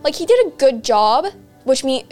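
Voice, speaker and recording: A woman's voice: high-pitched, very animated, normal speed, a little mellow, soft background music. Chatty woman, rambling casual talk. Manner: chatty, rambling with restarts and laughs. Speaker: co-host. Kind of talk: casual chat.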